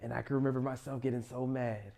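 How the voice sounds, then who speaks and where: A man's voice: medium pitch, steady tone, fast, gravelly. Young man telling his life story. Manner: emotional, rises loud then drops quiet. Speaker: motivational storyteller. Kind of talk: personal life story monologue.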